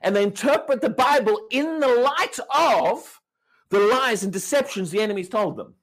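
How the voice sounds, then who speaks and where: A man's voice: extremely high pitch, animated, normal speed, a bit bright. A man preaching a sermon, emphatic and questioning, repeating and restarting words as he drives his points home.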